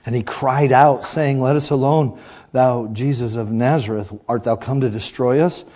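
A man preaching a sermon to a congregation, playful and teasing, swinging from loud outbursts to quiet asides. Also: mid-range voice, fairly even intonation, moderate pace.

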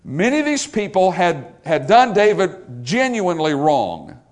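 A man preaching a sermon, emphatic and repetitive, swinging from loud stresses to hushed lines. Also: high voice, huge pitch swings, unhurried.

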